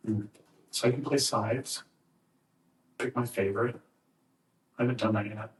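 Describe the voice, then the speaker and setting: A man's voice: fairly low pitch, steady tone, moderate pace. A man who works in escrow, chatting casually on a podcast, curious and teasing, full of questions. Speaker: escrow officer and podcast co-host. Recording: echoey room, distant from mic.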